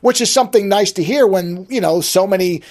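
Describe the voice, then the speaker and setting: Solo podcast host, medium pitch, chatty and reflective, restarts a lot. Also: a little fast, a little mellow. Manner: conversational, thinking aloud with frequent restarts. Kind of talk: solo daily podcast monologue.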